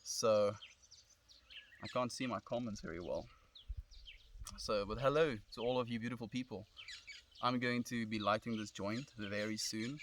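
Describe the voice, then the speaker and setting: With a fairly low voice, a moderate pace and long pauses, a young South African man with a South African accent live-streams from his phone outdoors under a tree in the sun. He answers comments in a relaxed, friendly, reflective manner, calling viewers "friend," over slight background noise.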